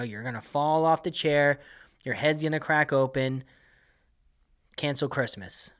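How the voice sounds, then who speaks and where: A comedian and podcast host, a man, rants in an exasperated comic monologue and swears freely as he goes. His voice sits at an ordinary middle pitch. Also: a bit bright. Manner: exasperated, profane ranting.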